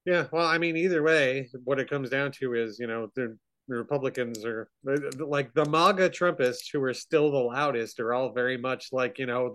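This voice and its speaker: A man's voice: mid-range voice, brisk, hardly any pauses, fairly bright tone. A man in casual podcast chat, ranting with lots of swearing and trailing fillers.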